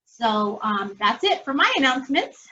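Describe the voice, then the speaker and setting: A teacher with a high, bright voice gives announcements to students, friendly and encouraging. The recording sounds somewhat dull and lo-fi. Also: female voice, very animated, normal speed.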